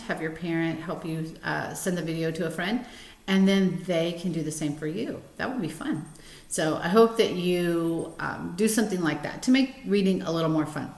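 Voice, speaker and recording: A middle-aged woman librarian chats gently with children at storytime, filling pauses with ums. She talks slowly in a lowish voice. The recording has a roomy echo. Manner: gentle, chatty teacher talk with many ums. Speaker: school librarian. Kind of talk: storytime read-aloud to children.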